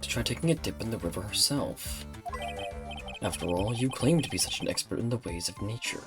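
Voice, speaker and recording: Man reading arrogant cold prosecutor, animated pitch, music bed. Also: a little fast. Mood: condescending. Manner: cool, condescending. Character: haughty male prosecutor.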